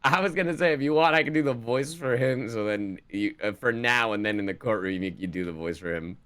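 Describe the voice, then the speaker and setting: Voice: mid-range voice, brisk, a bit bright, clear, resonant tone. A streamer casually joking and reading game dialogue. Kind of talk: playing a game with voiced dialogue.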